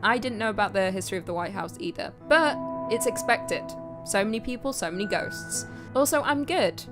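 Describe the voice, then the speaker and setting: A woman's voice: medium pitch, a little fast. A woman with an English accent hosts a scary countdown, narrating scripted stories and adding dry, sarcastic asides. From England. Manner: dry, deadpan sarcastic humor. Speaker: host. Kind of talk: scripted horror-list narration with chatty asides. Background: background music.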